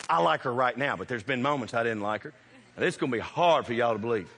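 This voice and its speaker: A man preaching a sermon, telling funny stories with animated shouts and laughter. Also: medium pitch, fast talker, breathy edge. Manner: animated, shouting bursts, laughing through punchlines. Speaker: pastor. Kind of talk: humorous storytelling sermon. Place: church sanctuary. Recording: reverberant church hall.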